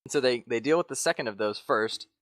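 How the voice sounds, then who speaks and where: A man's voice: medium pitch, fast talker, fairly bright tone, no echo, clean studio sound. A man co-hosting a podcast in casual chat, rambling and swearing casually with many fillers. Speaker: podcast co-host.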